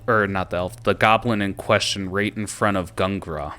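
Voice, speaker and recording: Male game master, low and bright-toned, relaxed narration with frequent pauses.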